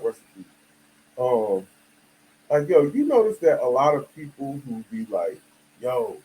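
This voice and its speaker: A man's voice: medium pitch, dark tone, a little hiss or hum, low-quality recording. A man from the United States giving a casual, emphatic monologue full of slang and "you feel me" asides. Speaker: video commentator.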